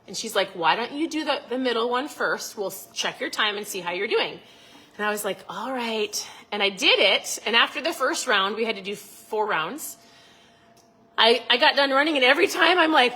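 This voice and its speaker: A middle-aged woman talks straight to her phone camera outdoors, rambling through a casual pep talk. Her voice is bright and a little husky, and she slips into quick impressions of her own thoughts. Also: fairly high pitch, animated, rough recording. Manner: chatty, rambling, acts out her inner voices. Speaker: vlogger. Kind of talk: casual motivational vlog. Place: outdoors by a lake at dusk.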